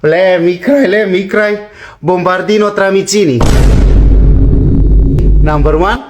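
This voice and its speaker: A man ranking internet memes in a playful sing-song, repeating catchphrases and dropping low to announce each number. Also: fairly even intonation, moderate pace, music in the background. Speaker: content creator ranking memes. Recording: loud background noise.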